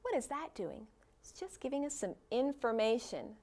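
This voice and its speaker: Lively encouraging woman teacher. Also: fairly high pitch. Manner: encouraging, explaining slowly to young pupils. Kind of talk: classroom video lesson for children.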